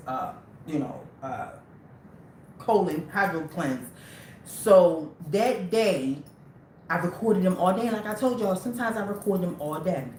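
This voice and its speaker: Woman livestream host with a lower voice, loose and rambling, addressing viewers directly, echoey room. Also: a little hiss or hum. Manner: rambling, talks straight to viewers. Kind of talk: casual livestream talk.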